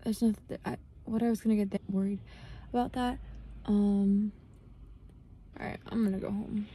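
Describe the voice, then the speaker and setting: A woman's voice: mid-range voice, fairly even intonation, normal speed, dark tone, slight background noise. Rambling young woman vlogging from her car. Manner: rambling, self-deprecating, lots of fillers. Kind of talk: casual vlog chat. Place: parked car.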